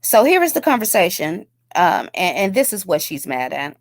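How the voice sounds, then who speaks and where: A woman's voice: lowish voice, big pitch swings, moderate pace, no echo. A woman hosting a commentary video, ranting bluntly and scornfully with heavy profanity. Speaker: YouTube commentary host.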